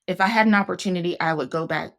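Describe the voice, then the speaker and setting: Woman, host, slightly low voice, reflective, earnest, casual chat. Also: racing, a bit bright. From Northeast Ohio, USA. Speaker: podcast host. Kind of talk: casual conversation.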